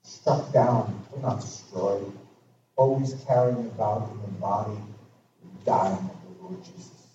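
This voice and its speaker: A male pastor preaching a sermon, acting out arguments in animated storytelling. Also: lowish voice, measured pace, noisy background. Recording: echoey hall from far off, dull.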